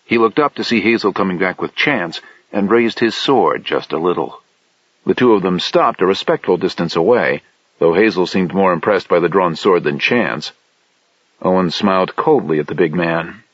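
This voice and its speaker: A man reading a science fiction audiobook in steady, measured narration. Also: low-pitched, slightly rough, no echo. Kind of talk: scripted narration. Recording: dull lo-fi dry audiobook recording.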